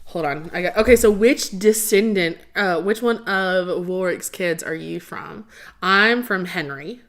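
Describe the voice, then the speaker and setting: A woman's voice: lowish voice, measured pace, a bit bright. A young woman hosting a casual livestream, chatting with viewers in a rambling way full of fillers. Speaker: livestream host.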